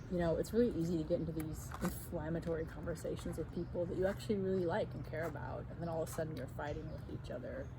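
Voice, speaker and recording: A woman in her forties, co-hosting a casual chat and telling a story, lively and quick to jump up in pitch as she acts it out. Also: noisy background. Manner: animated, jumps up in pitch when acting out the story. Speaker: co-host.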